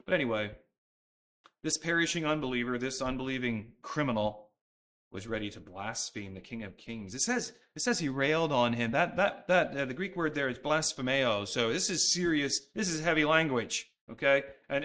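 A man's voice: mid-range voice, lively intonation, moderate pace, sharp tone. A man preaching a sermon, talking earnestly and conversationally and often restarting his sentences. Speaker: pastor.

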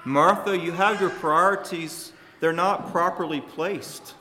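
A man preaching a sermon to his congregation, speaking emphatically and shifting his loudness for emphasis. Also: a little high, a little slow, big-room sound, slight background noise.

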